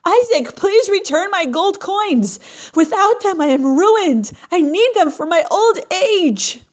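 A woman voicing a desperate, poor old widow who pleads in a tearful, high-strung way. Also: sing-song, a little slow, darkish tone. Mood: pleading.

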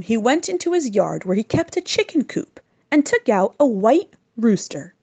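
A woman reading a children's story aloud in an expressive, dramatic way. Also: mid-range voice.

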